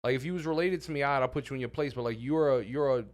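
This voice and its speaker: A man co-hosting a casual podcast, his voice sitting at an ordinary middle pitch. He tells stories with lots of animation, laughs often, and swears freely. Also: rapid-fire. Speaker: podcast co-host.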